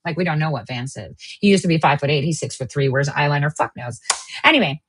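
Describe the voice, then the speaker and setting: A woman's voice: low-pitched, animated, quick pace, fairly bright tone, husky. A woman hosting a political commentary show, ranting in a heated, profane, sarcastic way. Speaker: host.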